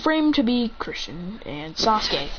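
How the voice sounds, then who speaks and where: A woman's voice: fairly high pitch, sing-song, unhurried. Rambling woman telling a fan story. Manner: rambling, hesitant, with fillers. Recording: dull lo-fi recording with hiss.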